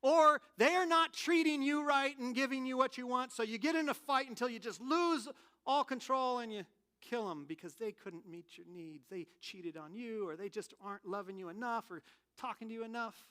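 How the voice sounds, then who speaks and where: A man preaching a sermon in a candid, animated, conversational way, telling personal stories. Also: very high-pitched, moderate pace, smooth. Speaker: pastor.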